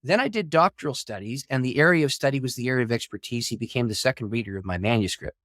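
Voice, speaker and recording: A middle-aged man, a pastor and author, telling a long story in an interview with animated delivery, acting out quoted dialogue and laughing often. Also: mid-range voice, quick pace, no room sound, clean studio sound. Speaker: pastor and author, podcast guest.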